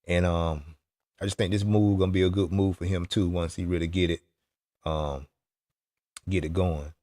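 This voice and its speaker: A man's voice: low voice, steady tone, moderate pace, dark tone, no room sound. A man talking loosely and teasingly in a casual chat about RC racing, with plenty of restarts. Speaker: RC racing vlogger.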